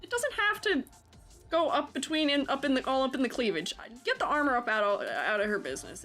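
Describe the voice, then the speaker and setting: A woman character design teacher chats through a live stream in a slightly high, very lively voice. She is animated, laughs often and reads the chat aloud. Soft music plays faintly behind her. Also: a little fast. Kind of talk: casual live-stream commentary.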